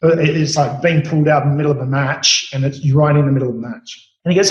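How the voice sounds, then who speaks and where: The audio is dull and roomy with echo as this man, a chef guest in his late forties with an Australian accent, talks fast in a high-leaning voice. He relates stories from his cooking career in an interview, with many fillers and restarts.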